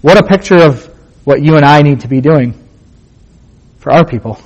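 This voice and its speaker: A man's voice: on the high side, expressive, normal speed, a little mellow, rough recording. Man preaching with emphatic repetition. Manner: rhetorical questions and emphatic repetition; plain conversational phrasing. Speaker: Bible teacher. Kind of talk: casual sermon.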